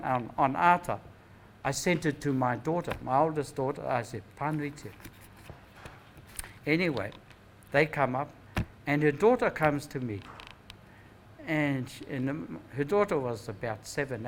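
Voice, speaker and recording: A man's voice: fairly high pitch, a little hiss or hum, rough recording. An older man with a New Zealand accent, telling family stories in a rambling, reflective way at a gathering and often tagging his thoughts with "eh?". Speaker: speaker at a Māori knowledge gathering. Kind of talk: anecdotal storytelling talk.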